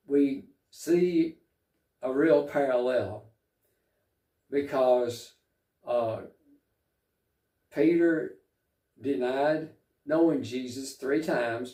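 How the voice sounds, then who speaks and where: A man preaching a sermon, reflective and unhurried, pausing often with fillers as he reads and explains scripture. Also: medium pitch, mellow, roomy sound, recorded from a distance. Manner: slow, reflective, with frequent pauses and fillers.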